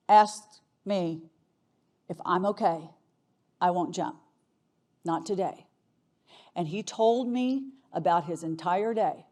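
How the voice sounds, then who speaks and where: A woman's voice: mid-range voice, a little mellow. A middle-aged woman attorney giving an earnest conference talk, telling a story and shifting her pace and volume for emphasis. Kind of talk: emotional keynote storytelling.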